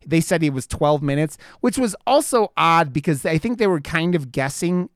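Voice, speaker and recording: A man's voice: a little high, expressive, normal speed, no echo, clean studio sound. A man in his thirties chatting casually, rambling with lots of fillers and frequent swearing. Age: 30s. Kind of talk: casual chat.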